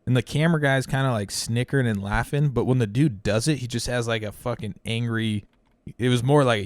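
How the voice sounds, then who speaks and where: A man co-hosting a comedy podcast who rambles through crude stories, acting out every quote with plenty of swearing. His voice sits at an ordinary middle pitch. The sound is close and dry, with no room echo. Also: fairly quick. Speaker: podcast co-host. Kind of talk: casual comedic chat.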